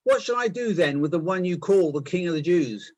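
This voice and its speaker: Exasperated roman governor pleading with a mob, read by a man in a higher voice, husky, bouncy. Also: animated, fairly quick.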